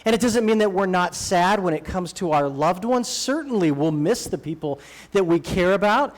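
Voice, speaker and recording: A man preaching a sermon as a guest speaker in a church sanctuary, in a relaxed, joking way that slows down to stress key phrases. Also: high voice. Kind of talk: conversational sermon.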